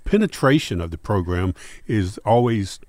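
Male radio analyst, distinctive low voice, wry, dry studio. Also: expressive, normal speed, darkish tone, no room sound. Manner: wry, self-deprecating storytelling. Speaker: political analyst, regular panelist. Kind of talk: radio talk show banter.

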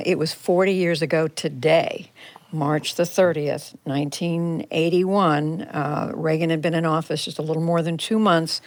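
Older woman journalist recalling, low-voiced. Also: no room sound. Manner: reflective, recounting in detail with frequent restarts. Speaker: journalist guest. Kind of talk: radio interview recollection. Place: converted home TV studio.

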